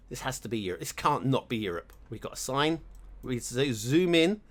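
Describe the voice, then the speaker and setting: A man's voice: medium pitch, animated, normal speed. A man hosting his own gaming channel, chatting and thinking aloud while commenting on his gameplay.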